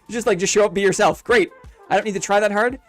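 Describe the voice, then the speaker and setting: A man's voice: high-pitched, quick pace, fairly bright tone, soft background music. A man chatting casually on a live game stream, upbeat and reflective, rambling through his thoughts in a friendly way.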